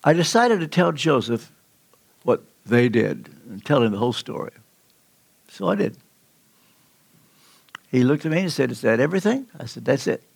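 An older man preaching a sermon in a church, telling a personal story with earnest, slow, emphatic pauses. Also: mid-range voice, big pitch swings, gravelly. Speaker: pastor. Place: church sanctuary.

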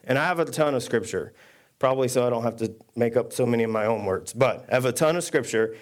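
A man preaching a sermon, telling stories with self-deprecating humor and reading scripture aloud at a quick clip. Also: medium pitch. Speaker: pastor. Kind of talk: conversational sermon.

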